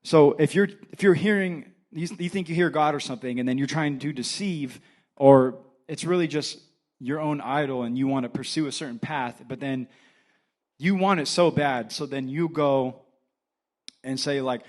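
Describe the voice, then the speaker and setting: A young man, an assistant pastor, preaching a casual sermon, telling the story with animated acted-out dialogue. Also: medium pitch, normal speed.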